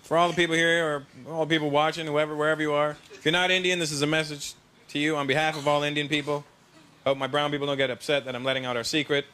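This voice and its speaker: Animated high-voiced male stand-up comedian. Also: quick pace. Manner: animated, confiding, riffing with the crowd. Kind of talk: stand-up routine. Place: stage in front of a live audience. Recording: noisy played-back stand-up clip.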